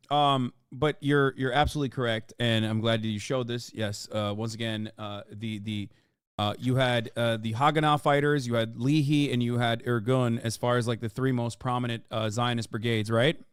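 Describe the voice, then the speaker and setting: Smooth-voiced, heated male streamer. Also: medium pitch, normal speed, no echo, studio quality. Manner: heated, profane, emphatic. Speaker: streamer host. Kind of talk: live reaction commentary.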